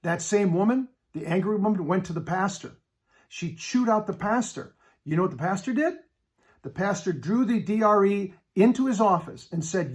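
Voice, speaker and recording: Middle-aged male preacher, storyteller building to an urgent call, slightly high voice. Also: moderate pace. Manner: animated storytelling, rising to exhortation. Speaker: speaker at a Catholic men's event.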